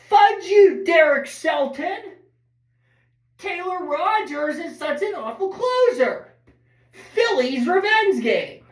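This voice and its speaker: A woman putting on a loud, over-the-top sports announcer voice, yelling slowly and drawn out. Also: very high-pitched, pitched above the performer's own voice, full character voice. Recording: echoey room.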